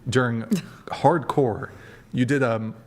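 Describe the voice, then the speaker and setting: A man's voice: mid-range voice, steady tone, slow, slight background noise. A man hosting a podcast livestream, chatting casually, rambling and swearing as he talks straight to his viewers. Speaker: podcast host.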